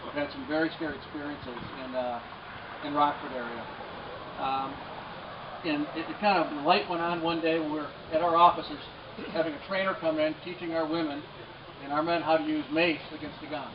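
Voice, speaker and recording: A man's voice: fairly high pitch, steady tone, a little fast, noisy background. Male candidate, earnest stump speech, distant dull outdoor recording. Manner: earnest, plain-spoken, many fillers. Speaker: state senate candidate. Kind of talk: outdoor campaign rally speech. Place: outdoors at a rally.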